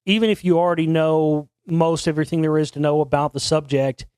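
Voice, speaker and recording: A man's voice: a little high, steady tone, brisk, a little mellow, clean tone, no echo, studio quality. A man hosting an internet talk show, telling a long story in a rambling, casual way with frequent restarts and casual swearing. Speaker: podcast host.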